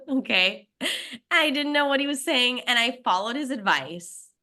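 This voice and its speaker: With a fairly high, slow voice, this young woman shares her story as a guest founder of a snack brand. She chats freely, laughs a lot and drops in lively quotes from other people.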